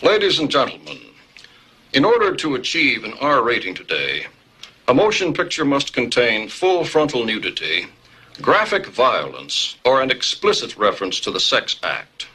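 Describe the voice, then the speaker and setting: A deadpan movie spokesman. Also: mid-range voice, normal speed, breathy edge, full character voice, poor audio. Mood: mock-solemn. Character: solemn male movie spokesman, mock-formal. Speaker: film announcer delivering a disclaimer. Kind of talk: scripted film address.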